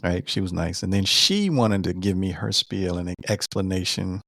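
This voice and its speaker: A man in his fifties, a veteran, casually retelling a doctor's visit in an animated way, repeating words and quoting what was said. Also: sits low, moderate pace, gravelly, no room sound, clean studio sound. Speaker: veteran sharing his cancer treatment story. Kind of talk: casual storytelling.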